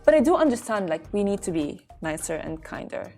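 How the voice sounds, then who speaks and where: Animated young woman co-host, faint music. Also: mid-range voice, fairly quick. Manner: animated, rambling, restarts often. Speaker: show co-host. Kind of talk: casual talk show chat.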